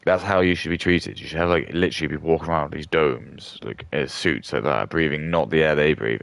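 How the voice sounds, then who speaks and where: Talking quickly with few pauses, this man's extremely deep, gravel-filled voice carries a slight brightness as he rambles through laid-back streamer commentary. He leans hard on filler words and keeps restarting sentences, and the close, dry recording has no echo or room.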